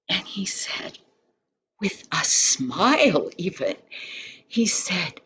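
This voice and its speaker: An older woman tells a story at an unhurried pace. Her voice sits a little high, and she drops into hushed whispers and playful effects to bring the tale to life. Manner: expressive, dramatic whispers and sound effects. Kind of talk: storybook reading.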